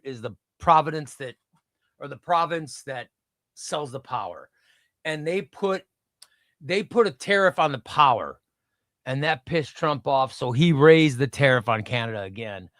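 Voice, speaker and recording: A man's voice: a little high, fairly bright tone, no room sound, studio quality. A middle-aged man hosting a casual comic book livestream, rambling and reading chat aloud.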